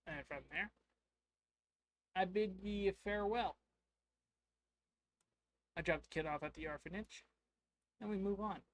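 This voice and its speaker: A man's voice: high voice, moderate pace, long pauses, no room sound. A man casually retelling a tabletop adventure to his stream chat, rambling and playful. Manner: rambling, playful, acts out lines. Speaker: streamer recounting a game.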